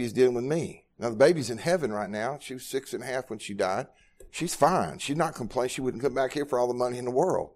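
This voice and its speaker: Earnest pastor preaching at a Bible study. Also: male voice, medium pitch, darkish tone. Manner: earnest, repeats words when moved.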